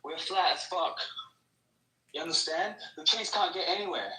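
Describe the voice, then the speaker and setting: An Australian man calls in with a fairly high, pushed, bright voice at normal speed. He rants aggressively and profanely, rambling as he goes, and the recording sounds echoey and distant.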